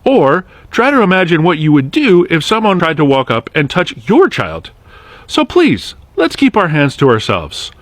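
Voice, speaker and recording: A man's voice: on the high side, a bit bright, no echo. A man hosting a short explainer video series, talking straight to camera in a direct, earnest and lightly sarcastic way. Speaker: host of a social media series. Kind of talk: scripted explainer monologue to camera.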